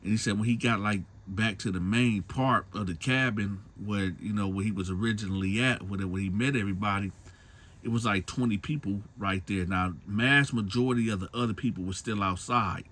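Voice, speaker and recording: A man's voice: fairly low pitch, brisk, a bit bright. A man retelling a story in a loose, slangy way, often tagging lines with a question. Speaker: storyteller host. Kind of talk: casual storytelling.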